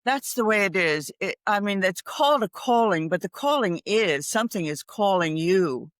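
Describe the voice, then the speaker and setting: A woman's voice: medium pitch, expressive, moderate pace, no room sound. An older woman speaking as a guest on a podcast interview. She is reflective, reciting poetry and laughing easily. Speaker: guest expert. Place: home in Ireland.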